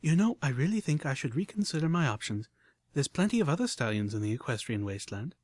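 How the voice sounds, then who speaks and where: A man's voice: mid-range voice, very animated, quick pace, darkish tone, dry recording. A man voicing a dramatic young female pony who sounds emotional and exasperated. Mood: sulky.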